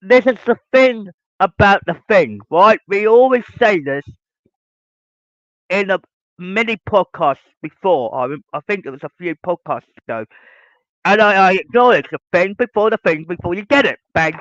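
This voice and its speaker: Male podcast host, high-pitched, repetitive lecturing rant; dull, dry recording. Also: lively intonation, moderate pace, fairly bright tone, dry recording. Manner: ranting, repetitive, lecturing listeners directly. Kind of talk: podcast monologue.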